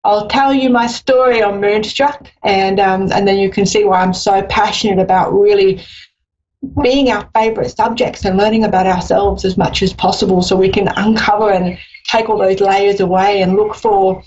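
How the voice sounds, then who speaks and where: A woman's voice: medium pitch, steady tone, moderate pace, a little mellow, muffled recording. A woman with an Australian accent hosting a live psychic call-in radio show, talking in an encouraging, rambling way with many fillers.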